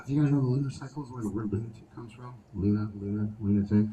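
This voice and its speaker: This lowish-voiced stand-up comedian talks a little fast at an outdoor show, delivering vulgar, swear-filled stories with plenty of energy. The low-quality recording is reverberant and distant, with a bit of hiss or hum.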